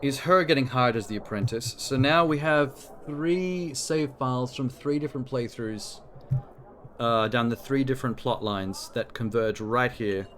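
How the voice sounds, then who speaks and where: On a live stream, a man plays a video game and chats casually, swearing and talking to himself in let's-play style. His mid-range voice is a little slow and a bit bright, with a slight hiss or hum in the recording.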